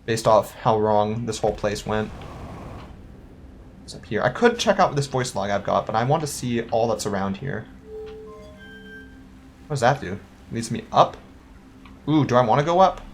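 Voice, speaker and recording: Rambling young gamer with a lively voice. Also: mid-range voice, faint music behind. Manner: thinks aloud, rambling and self-questioning; playful, quick to laugh. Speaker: let's-play gamer. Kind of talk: casual gameplay commentary.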